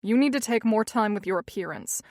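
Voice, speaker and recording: A woman's voice: medium pitch, expressive, a little fast, a little mellow, dry recording, clean studio sound, lightly acted. A woman voicing a domineering young husband who is demanding and scolding. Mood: lecturing.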